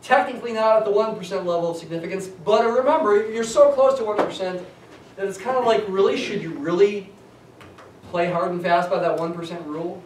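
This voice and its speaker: A man's voice: sits high, fairly quick. A man teaching a statistics class, talking conversationally and thinking aloud as he works through examples. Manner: conversational, thinks aloud with restarts, tells asides. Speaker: statistics lecturer. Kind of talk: classroom lecture. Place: lecture hall. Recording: echoey classroom, distant mic, faint hum.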